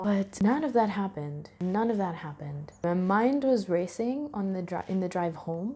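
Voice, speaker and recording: A woman's voice: medium pitch, expressive, moderate pace, hardly any pauses, mellow. A young adult woman talking casually to camera in a vlog, candid and rambling, correcting herself and laughing often. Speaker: vlogger. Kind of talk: casual reflective talk to camera.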